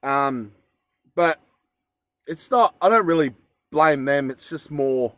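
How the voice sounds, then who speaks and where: Aussie bloke rambling thru a story, kinda high voice, dry sound, keeps correcting himself. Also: male voice, animated, takes it slowly, a bit bright, no room sound. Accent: Australian. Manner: rambling, self-correcting, chatty with fillers. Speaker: vlogger. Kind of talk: casual storytelling.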